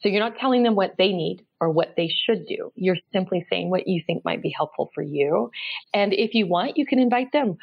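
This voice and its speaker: A woman guest on an interview explaining parenting tips in a calm, measured, gently explanatory way. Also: medium pitch, creaky, husky. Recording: slightly dull lo-fi sound.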